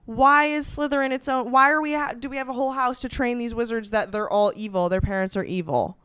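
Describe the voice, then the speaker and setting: A young woman doing stand-up comedy, ranting in an animated, sarcastic way, full of swearing, quick asides and restarts. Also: fairly high pitch, clean tone, no echo. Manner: sarcastic rants.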